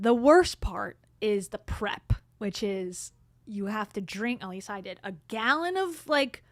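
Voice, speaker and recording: A middle-aged woman hosts a casual livestream through a streaming mic, telling a story chattily and laughing often. Her voice sits on the high side and is a bit bright, with no room sound.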